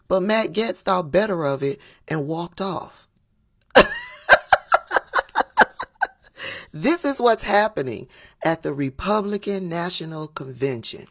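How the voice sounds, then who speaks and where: A woman giving casual political commentary in a sassy, drawn-out way, laughing at her own remarks. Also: on the low side, creaky, no room sound, studio quality.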